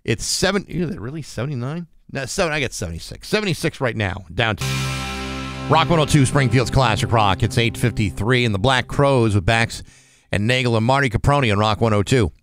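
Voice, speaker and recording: A man hosting a radio morning show, chatting casually and joking dryly, reading the weather with filler pauses into a studio microphone. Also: mid-range voice, over music. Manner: dry joking, reads the forecast with filler pauses.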